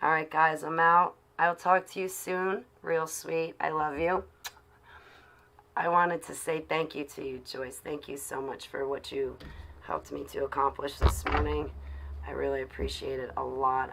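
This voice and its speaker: A woman's voice: deep voice, fairly even intonation, a little slow, creaky, fairly bright tone. A woman live-streaming to her chat from her car while driving, talking casually and sarcastically in a ranting way.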